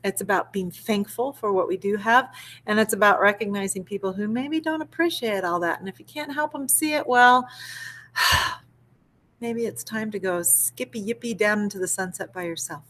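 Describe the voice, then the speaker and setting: A woman teacher reading a picture book aloud to children with expressive, animated storytelling. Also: mid-range voice, moderate pace. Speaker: elementary school teacher.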